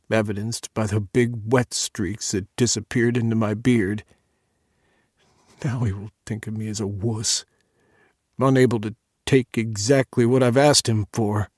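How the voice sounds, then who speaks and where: A man narrating a first-person audiobook in a measured, intimate reading on a close studio mic. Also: lowish voice, darkish tone, no echo.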